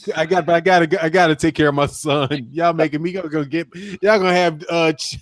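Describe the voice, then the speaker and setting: A man's voice: on the high side, fairly even intonation, brisk, a little hiss or hum. A middle-aged man hosting a casual live stream, easygoing, thanking his viewers. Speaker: stream host.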